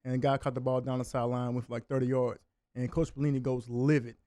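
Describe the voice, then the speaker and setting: A man's voice: medium pitch, flat delivery, mellow, dry recording. A man, a former college linebacker, telling stories as a guest on a sports talk show in the studio. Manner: fast storytelling, laughs while telling stories. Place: radio studio.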